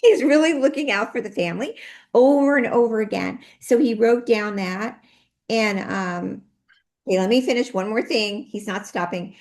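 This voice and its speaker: A woman's voice: on the high side, moderate pace, darkish tone. A woman guest, a medical intuitive, earnestly relaying messages in an interview and quoting them in a repeated 'he says' pattern.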